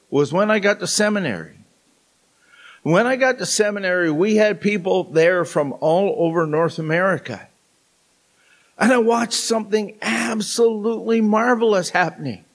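A middle-aged man preaching a sermon in church, telling stories with dramatic pauses. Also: sits high. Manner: slow, storytelling delivery with dramatic pauses. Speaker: pastor. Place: church sanctuary.

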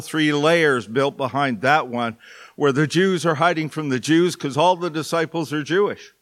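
A male pastor preaching a sermon in church, with joking, folksy asides to the congregation. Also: a little high.

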